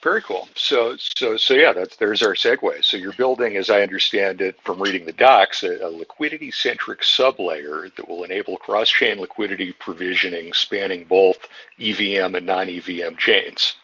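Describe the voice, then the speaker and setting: A man with a low, husky voice hosts an interview over an online call, friendly and stumbling over repeated words as he begins. The audio is dull and lo-fi, with a dry, close sound. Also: normal speed, bright, forceful tone, no echo. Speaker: host of the interview. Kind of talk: live audio chat interview.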